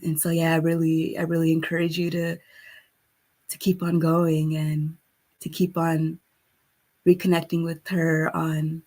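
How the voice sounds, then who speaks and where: A woman guest speaker closing her session, soft-spoken and halting, with many fillers. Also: low-pitched, husky, rough recording. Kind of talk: closing a virtual summit session.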